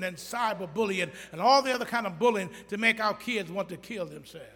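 A man preaching a sermon, swinging between loud emphatic delivery and quiet pleading, acting out scripture in everyday speech. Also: high-pitched, brisk, hardly any pauses, big-room sound. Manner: acts out scripture quotes in colloquial speech.

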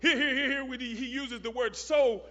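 A high, bright-toned man preaches a sermon, hammering home repeated phrases and rising into shouted, chanted lines. His voice rings through a hall with a long reverb on a dull, muffled recording. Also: fairly even intonation, normal speed.

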